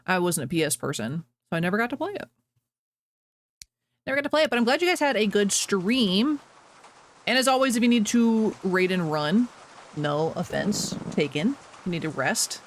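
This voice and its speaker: Lively high-voiced young male streamer. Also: moderate pace. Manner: animated, chatty, self-mocking. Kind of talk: casual gameplay chat.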